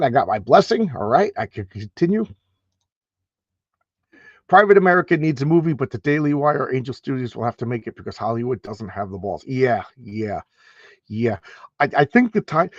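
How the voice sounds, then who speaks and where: A man's voice: medium pitch, dry recording, highs cut off. Rambling man chatting on a live stream. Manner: rambling, stammers and repeats words. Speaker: host. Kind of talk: casual live-stream chat.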